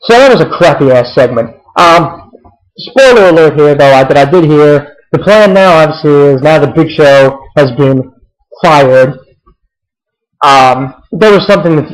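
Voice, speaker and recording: A man's voice: fairly high pitch, lively intonation, normal speed, rough recording. A young man casually recapping a wrestling show, rambling with many fillers and restarts and swearing freely.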